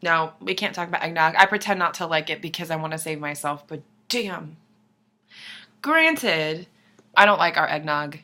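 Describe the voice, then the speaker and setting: A young woman talks straight to camera in a loose, rambling vlog, swearing freely and apologizing in the next breath. Her voice is bright and fairly low for a woman, and she slips into quiet whispered asides. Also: animated, moderate pace. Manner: rambling, profane, self-deprecating, drops into whispers. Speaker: vlogger. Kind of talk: casual chat to camera.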